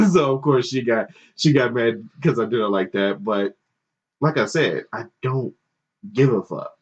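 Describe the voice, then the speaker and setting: A man tells a story on a podcast in casual, swearing chat, breaking into laughter as he goes. His voice sits at an ordinary middle pitch. The recording is dull and lo-fi. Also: unhurried. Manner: animated, profane, laughing storyteller. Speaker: podcast host. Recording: dull lo-fi sound.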